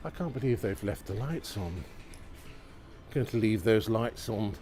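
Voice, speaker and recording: Faint music plays behind this man's lowish, animated voice as he speaks a bit slowly while live-streaming a snowy, windy nighttime walk. Using a gimbal-mounted iPhone, he exclaims over the sights, mildly enthusiastic, and often asks viewers questions.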